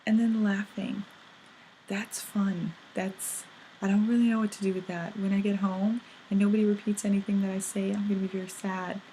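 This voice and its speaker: A woman's voice: mid-range voice, little pitch movement, normal speed, mellow, slight background noise, low-quality recording. A young woman from England with a British accent, chatting in a bubbly vlog full of likes and ums. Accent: British English. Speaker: vlogger. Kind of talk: casual vlog monologue.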